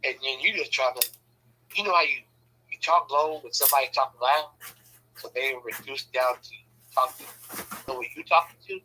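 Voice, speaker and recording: A man from Southern California telling personal stories in a casual, animated way, swearing freely and acting out the voices he quotes. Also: medium pitch, moderate pace, long pauses, husky, rough recording. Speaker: speaker sharing personal stories. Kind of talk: casual storytelling.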